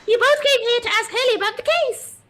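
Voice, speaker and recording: A woman doing a squeaky girl sleuth. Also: quick pace, noisy background. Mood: smug. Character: precocious young girl sleuth, chirpy and smug.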